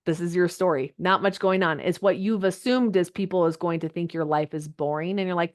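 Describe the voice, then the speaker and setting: Woman, social media coach, video call, chatty, animated, pitch jumps when excited. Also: brisk, few pauses. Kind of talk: live online coaching session.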